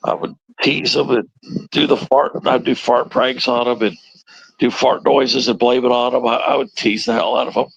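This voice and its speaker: A man's voice: medium pitch, lively intonation, normal speed, gravelly, a bit bright, slightly rough, lo-fi sound. A man hosting a casual livestream chat, rambling and teasing with a chuckle. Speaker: livestream host.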